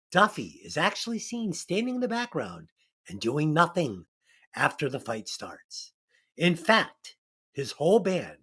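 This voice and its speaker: Jokey podcast host reading trivia. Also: male voice, mid-range voice, fairly bright tone, husky. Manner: loose, jokey, stumbles through his own reading. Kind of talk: casual movie-review podcast chat.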